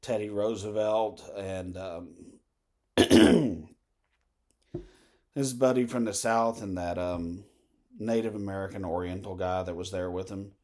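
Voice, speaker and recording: A man with a somewhat low voice, rambling along in a loose monologue. He drifts from point to point, leaning on fillers and side remarks. It sounds like casual, unscripted talk to the camera. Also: steady tone, slow pace, pauses often, a little mellow. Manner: meandering, full of fillers and asides. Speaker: vlogger.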